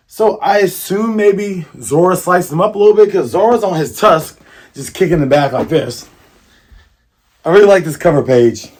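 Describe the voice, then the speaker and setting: A man talks through a manga chapter in a loose, rambling way, full of jokes and slang. His voice sits a bit high for a man, and he keeps it animated and offhand. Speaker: host, manga reviewer. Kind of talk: casual commentary.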